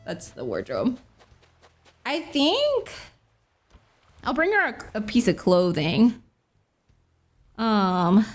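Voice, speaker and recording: Young woman streamer, bubbly and chatty, high lively voice, faint music behind. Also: extremely slow, long pauses. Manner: bubbly, apologetic, giggly, chatty. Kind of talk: casual gameplay chat.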